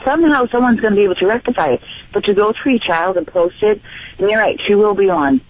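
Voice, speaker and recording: A woman's voice: mid-range voice, lively intonation, fast, no room sound. A woman calling a radio show, indignant and full of hesitations and fillers. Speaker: caller. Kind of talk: phone-in call. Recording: dull phone line.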